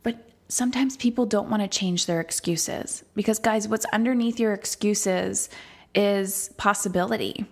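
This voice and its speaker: A woman's voice: mid-range voice, moderate pace, creaky. A woman hosting a solo podcast as a coach, speaking candidly and emphatically and swearing freely.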